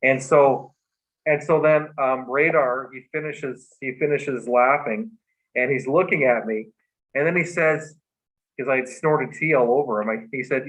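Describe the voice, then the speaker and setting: A man, a guest on a livestream talk show, telling a personal story in a halting, earnest way with many restarts, over a video call. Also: mid-range voice, fairly bright tone. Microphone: remote video call. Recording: muffled livestream audio.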